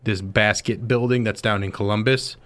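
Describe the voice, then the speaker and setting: A man co-hosting a live radio show, chatting casually in the studio with a dry, deadpan sense of humour. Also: lowish voice, moderate pace.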